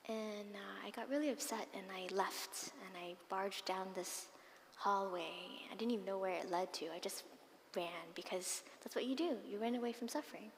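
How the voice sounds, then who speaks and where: A woman's voice: medium pitch, normal speed, a little hiss or hum. Woman nun giving a dharma talk, echoing hall. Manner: expressive storyteller, soft breathy asides. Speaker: Buddhist nun and dharma teacher. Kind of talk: dharma talk with personal storytelling. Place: monastery meditation hall. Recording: long hall reverb with faint ambience.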